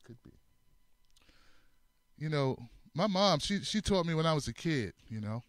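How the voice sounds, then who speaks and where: A man hosting a comedic political commentary show, with a fairly high voice and an unhurried delivery. He is animated, repeats his lines for effect, and laughs often. The sound is dry and close. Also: no room sound. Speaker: host.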